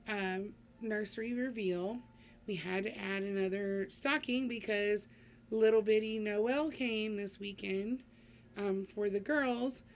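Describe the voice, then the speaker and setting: A woman's voice: mid-range voice, slight background noise. A middle-aged woman chatting casually to her vlog audience, rambling with many ums and restarts. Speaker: vlogger. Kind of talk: casual chat to camera.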